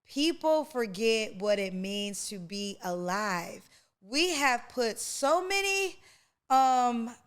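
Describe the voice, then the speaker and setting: A woman's voice: mid-range voice, smooth. A woman in her forties, a podcast host, giving an emotional, preacher-like personal testimony and calling the listener honey and baby. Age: 40s.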